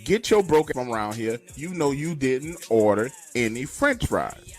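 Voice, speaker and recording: A man putting on a scornful fast-food server woman. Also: medium pitch, sing-song, faint music behind. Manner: scornful, curt.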